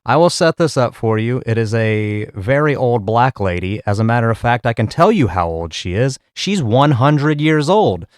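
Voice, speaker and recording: A man's voice: mid-range voice, animated, normal speed, few pauses, clean tone, no room sound, studio quality. A man hosting a comedy commentary show, talking casually with lots of profanity and laughter. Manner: crude, profane, laughing often. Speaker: podcast host.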